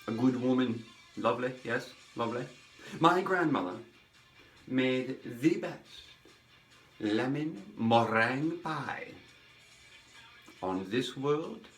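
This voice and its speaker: A man voicing an eccentric, melodramatic older woman who rambles theatrically, swinging between loud outbursts and hushed asides. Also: mid-range voice. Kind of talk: comic character monologue. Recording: roomy echo with faint music.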